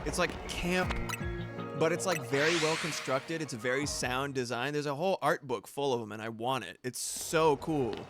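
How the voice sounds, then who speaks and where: A man's voice: medium pitch, normal speed, over music. A man streaming a video game, chatting casually in a loose, rambling way and swearing freely. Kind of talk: casual chat while gaming.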